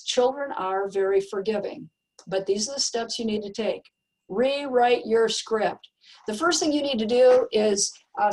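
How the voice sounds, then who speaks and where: A woman leads a parenting talk with a fairly high voice and an emphatic way of speaking. She presses her points by repeating key words. Her voice sounds a bit distant from the microphone. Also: darkish tone. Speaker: parenting educator. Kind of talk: recorded presentation.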